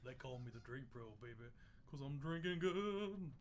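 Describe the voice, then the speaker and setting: A man's voice: mid-range voice, animated, moderate pace, a little hiss or hum, close to an everyday voice. A man putting on a playful, drawling 1950s rock-and-roll crooner voice. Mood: hammy swagger. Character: crooning 1950s rock-and-roll male singer, hip-shaking.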